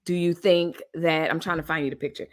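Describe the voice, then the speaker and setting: Lady live streamer, casual chatty talk to viewers, a bit low voiced. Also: steady tone, a little fast. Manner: chatty, colloquial, addresses viewers as y'all. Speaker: host of a live news commentary stream.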